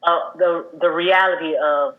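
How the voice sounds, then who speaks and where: A woman's voice: lowish voice, steady tone, phone-quality sound, background noise. Earnest woman telling a personal story. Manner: earnest and halting, with many fillers and restarts. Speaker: guest sharing a personal loss story. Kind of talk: candid conversational storytelling.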